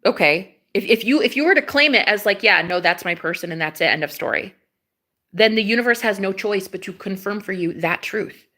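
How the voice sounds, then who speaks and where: A young woman who works as a twin flame coach, talking casually to camera in a sassy, emphatic way, swearing freely and laughing loudly. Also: mid-range voice, animated, brisk. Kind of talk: casual vlog rant to camera.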